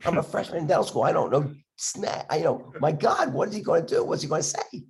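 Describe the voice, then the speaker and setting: An older man, a dentist with a cough from a respiratory illness, telling stories in a podcast chat, acting out the voices in his anecdotes with halting restarts. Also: a little high, animated, creaky. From Philadelphia area, USA. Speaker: dentist guest.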